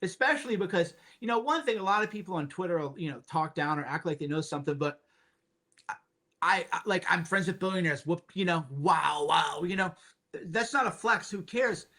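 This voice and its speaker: Man, podcast guest, high bright voice, emphatic, repetitive, sardonic. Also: expressive, a little fast. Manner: emphatic, repeats himself, sardonic asides. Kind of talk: casual political chat.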